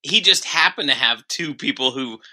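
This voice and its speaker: Male co-host, very bright and lively voice, wry crude stories. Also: mid-range voice, moderate pace. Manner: wry, swearing anecdotes. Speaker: podcast co-host. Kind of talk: casual comedy podcast chat.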